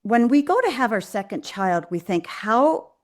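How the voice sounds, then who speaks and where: Her voice sits in the mid-range and swings widely in pitch, delivered at normal speed. Hosting a live Q&A, this woman tackles viewers' parenting questions in an earnest, straightforward way, often restarting and saying um as she gives advice.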